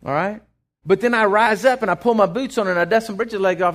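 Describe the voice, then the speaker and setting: A middle-aged man, preaching a sermon in a folksy, animated way with lots of restarts. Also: high-pitched, brisk. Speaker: pastor.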